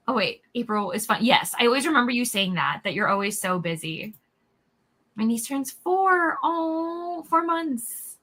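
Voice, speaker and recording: A woman hosting a casual livestream, chatty and upbeat, reading out comments, a little hoarse from losing her voice. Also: a little high, sing-song, slow, sharp tone. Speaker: livestream host.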